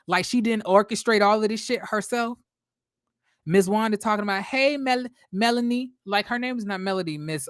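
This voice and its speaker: A man's voice: high-pitched, fairly bright tone, dry recording, studio quality. A man giving casual, sassy, blunt commentary on a reality show, full of profanity and fillers. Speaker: reality TV recap vlogger.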